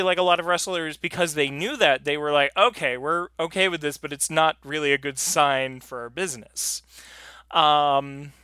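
Male podcast co-host, bright forceful voice, dry close sound; rambling, animated chat. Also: fairly high pitch, smooth, dry recording. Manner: animated, rambling, laughs often. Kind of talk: casual chat.

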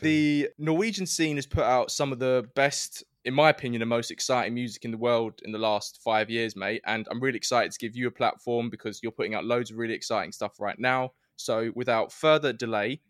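Male podcast host, friendly and chatty, mid pitch, dry close sound. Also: steady tone, brisk, hardly any pauses, fairly bright tone, dry recording. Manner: friendly, chatty, says "mate". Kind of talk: scripted podcast intro and interview.

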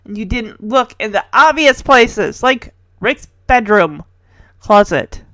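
A woman's voice: a little high, lively intonation, takes it slowly, a bit bright, no echo. A woman in casual chat, retelling a sitcom episode with chatty, giggly asides and playful quoted lines. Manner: chatty, giggly, quoting characters in playful voices. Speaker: podcast host recapping a sitcom episode.

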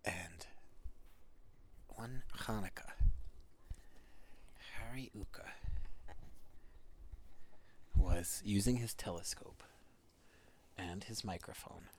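A man telling a bedtime story to his children in a low, unhurried voice. He talks softly and often drops to a half-whisper, pausing between phrases. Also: slight background noise.

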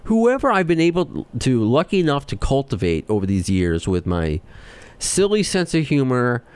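A man with a New York accent hosting a podcast, talking fast and excitably as he rants. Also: medium pitch, smooth, no echo. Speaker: podcast host. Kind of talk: casual chat.

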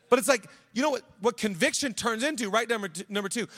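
A male pastor preaching a sermon, switching between emphatic declarations and a low, hushed storytelling voice. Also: fast talker, hardly any pauses. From United States. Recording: reverberant hall.

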